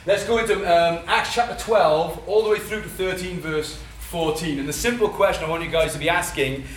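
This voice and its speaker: A Welsh man teaches a church training group, rushing excitedly through his points with fillers and restarts. His voice sits a little high. He is picked up from some distance in a reverberant hall with faint background noise. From Wales. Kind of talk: teaching talk at a workshop. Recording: echoey room, mic at a distance.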